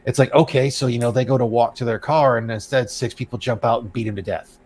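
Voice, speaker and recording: A man's voice: mid-range voice, steady tone, fast, a little mellow, a little hiss or hum, poor audio. A man hosting a casual podcast, talking at length in a mid-range voice. He rants through his points and turns sarcastic whenever he quotes someone else. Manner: ranting, reads out quotes with sarcasm. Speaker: podcast host.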